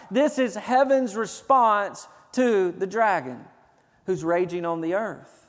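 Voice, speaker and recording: A man's voice: sits high, slow, long reverb tail. A man preaching a sermon as pastor, building to emphatic bursts of conviction. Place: church sanctuary.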